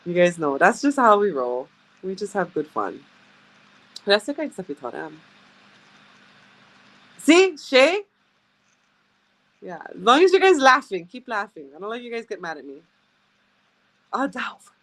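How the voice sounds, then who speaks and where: A woman chatting casually with viewers as a sales rep, telling stories and laughing often. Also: medium pitch. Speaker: direct sales rep hosting a live stream.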